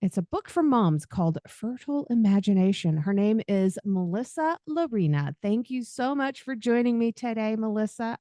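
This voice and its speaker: A chatty woman with a faint Southern American accent, hosting a podcast interview and asking easygoing questions. Her pitch moves around a lot as she talks. The recording is dry and close. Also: expressive, moderate pace, hardly any pauses, dry recording. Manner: warm and chatty, laughs easily. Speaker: podcast host. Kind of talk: casual interview.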